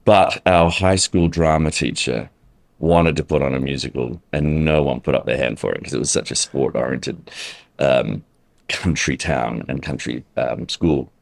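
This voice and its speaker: Australian male guest, extremely low voice, dry close mic, chatty and self-deprecating. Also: normal speed, vocal fry, dry recording. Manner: chatty, self-deprecating storytelling with many ums. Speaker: guest, musical theatre actor. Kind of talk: casual interview chat.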